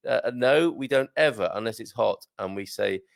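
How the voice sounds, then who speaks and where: A man's voice: medium pitch, moderate pace, gravelly, no echo, studio quality. A man from Britain hosting a live stream, reading out viewer comments in a chatty, joking way with many hesitations. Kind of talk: casual live chat.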